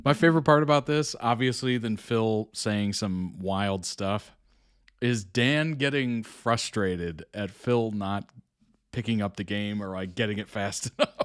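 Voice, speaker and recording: Slow, fond reaction host. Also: medium pitch, clean tone. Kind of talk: reaction commentary.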